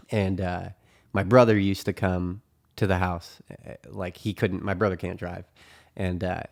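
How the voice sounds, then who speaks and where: Lower-voiced man, casual rambling storyteller, swears freely. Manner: profane, rambling, full of fillers.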